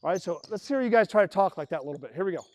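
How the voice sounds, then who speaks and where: A man's voice: high-pitched, racing, slight background noise. A man coaching a basketball team through plays on the court, explaining and calling out actions with energy. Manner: energetic, calls out plays and acts out players' voices. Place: indoor basketball gym.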